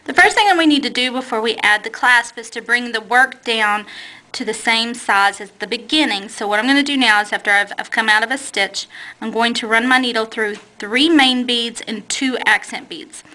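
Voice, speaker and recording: A woman's voice: on the high side, moderate pace, sharp tone, rough recording. A woman teaching a beading technique step by step, talking plainly and patiently and correcting herself as she works with her hands. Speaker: beading instructor. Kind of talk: step-by-step craft tutorial.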